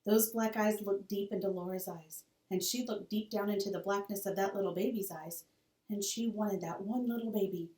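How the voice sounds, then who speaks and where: Expressive woman reading a story aloud. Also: mid-range voice, normal speed. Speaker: teacher. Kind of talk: reading a children's novel aloud. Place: school room. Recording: roomy, distant mic.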